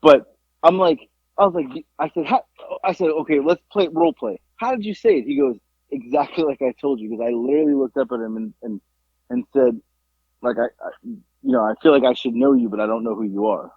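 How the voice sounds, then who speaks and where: Brisk and slightly rough, this man's medium-pitched voice comes through a tinny, phone-like recording with no room sound. Co-hosting a podcast, he spins a story casually, animatedly performing quoted voices and dropping some swears.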